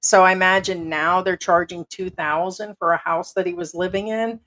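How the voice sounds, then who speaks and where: A woman's voice: lowish voice, steady tone, moderate pace, a bit bright. A middle-aged American woman hosting a casual livestream from home, rambling and blunt with casual swearing. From United States. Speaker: livestream host.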